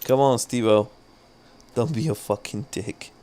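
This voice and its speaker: A man's voice: mid-range voice, a little slow, dark tone, a little hiss or hum. A man streaming live gameplay, commentating, swearing a lot and laughing at his own frustration. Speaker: gaming streamer.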